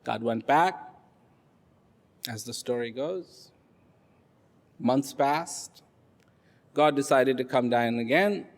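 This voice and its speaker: A man telling a humorous story in a talk, in an animated way, recorded in a large hall. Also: mid-range voice, takes it slowly, long pauses. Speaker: speaker at a public event. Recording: long hall reverb.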